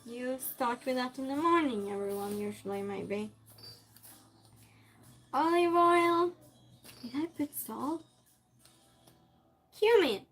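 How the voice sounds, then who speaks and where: A woman's voice: fairly high pitch, moderate pace, hardly any pauses, husky, soft background music. A woman streamer chatting casually while she cooks, reading viewer comments aloud and answering them with frequent laughs. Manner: laughs often, teases the chat. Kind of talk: casual chat while cooking.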